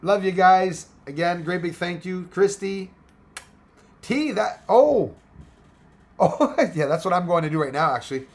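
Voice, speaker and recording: A man hosting a livestream and chatting casually through viewer comments. His voice is hoarse, and he rambles with many fillers and restarts. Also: high voice, lively intonation, unhurried. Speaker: livestream host.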